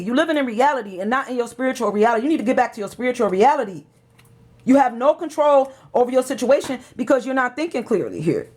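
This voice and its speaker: A woman's voice: sits high, a little mellow, slightly rough. A woman giving a tarot reading, emotional and preachy, urging the listener on. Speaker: tarot reader.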